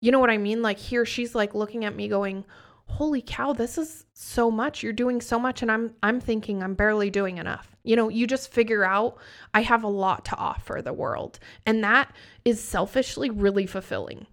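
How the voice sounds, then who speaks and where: Her voice on the high side and her pace moderate, a thirtysomething business coach hosting a podcast speaks candidly and emphatically. It's a casual motivational chat, and she swears freely.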